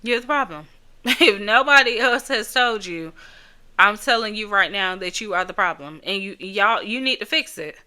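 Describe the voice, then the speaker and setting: Blunt, bright-voiced woman podcast host. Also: mid-range voice, expressive, normal speed. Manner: blunt, scolding, emphatic repetition with occasional laughs. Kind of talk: casual opinion monologue.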